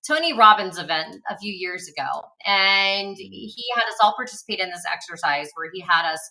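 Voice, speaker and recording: A woman's voice: mid-range voice, lively intonation, moderate pace, vocal fry, sharp tone, recorded from a distance, low-quality recording. A woman co-hosting a casual motivational chat in an upbeat, encouraging way. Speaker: co-host.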